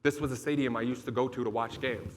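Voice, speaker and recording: A man's voice: medium pitch, steady tone, fast talker, a little hiss or hum. A young adult man giving a motivational keynote speech, telling a personal story in an emphatic, profane and confessional way. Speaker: motivational speaker.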